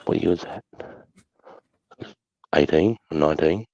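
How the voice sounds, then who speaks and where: Gravelly deep Australian bloke. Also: male voice, unhurried, darkish tone, no echo. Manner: blunt, sweary storyteller. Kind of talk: casual chat. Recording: dull lo-fi sound.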